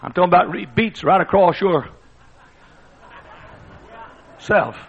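A male preacher delivering a sermon in a dramatic style that booms and then drops to a hush. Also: brisk, slightly rough. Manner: dramatic preaching, booming one moment and hushed the next. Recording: dull lo-fi sermon recording.

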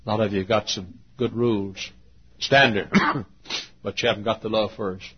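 Older male preacher, husky folksy sermon delivery, muffled old tape sound. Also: lowish voice, fairly even intonation, measured pace. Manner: folksy, laughing, shouting for emphasis.

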